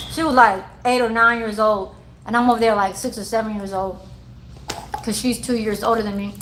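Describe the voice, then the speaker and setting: A woman's voice: on the high side, moderate pace, a bit bright, a little hiss or hum, low-quality recording. A woman in her forties chatting casually on a livestream, telling childhood stories with lots of cursing and laughter and talking to her chat. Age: 40s. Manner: profane, laughing storyteller who talks to her chat. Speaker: livestream host.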